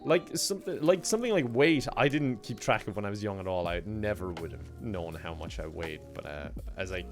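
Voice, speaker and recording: A young Irish man chatting casually on a live game stream, reading out and thanking chat messages in a relaxed way and laughing often. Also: fairly low pitch, brisk, music in the background.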